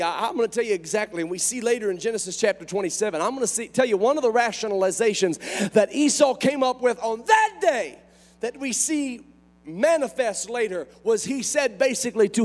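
Male pastor with a very high voice, fiery sermon delivery that builds to shouts. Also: big pitch swings. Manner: impassioned, rising to shouts, drawn-out emphatic phrases.

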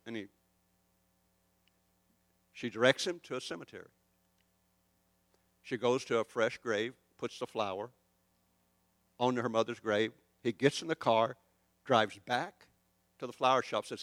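A man's voice: mid-range voice, a little slow, pauses often, fairly bright tone, dry recording. An older man preaching a conversational sermon, rambling and poking fun at himself as he tells stories. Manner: rambling, chatty and self-deprecating. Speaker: pastor.

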